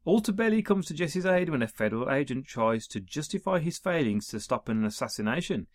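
A man's voice: on the high side, very animated, a little fast, no echo, clean studio sound. A man reading through an episode guide in a casual way, adding wry asides and small chuckles. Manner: reads listings, adds wry chuckling asides.

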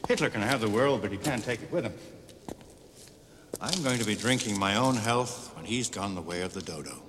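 An actor playing a ruthless, greedy middle-aged male villain, with a smooth and coolly menacing delivery in a film scene. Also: on the low side, animated, brisk, background noise, close to an everyday voice. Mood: greedy, scheming. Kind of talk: film acting. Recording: film soundtrack with score and reverb.

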